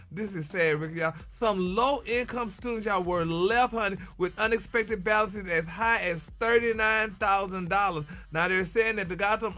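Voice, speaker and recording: Heller, hoher Gossip-Moderator im Morgenradio. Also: male voice, high voice, pushed and bright. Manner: chatty, peppers talk with "y'all" and "honey". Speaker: radio co-host, gossip reporter. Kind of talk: morning radio gossip segment.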